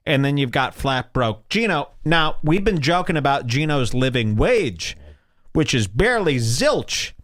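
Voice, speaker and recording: A man's voice: mid-range voice, big pitch swings, takes it slowly, fairly bright tone, no room sound, studio quality. A middle-aged man hosting a podcast, giving crude comedic commentary and mocking people by putting on voices for them. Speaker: podcast host.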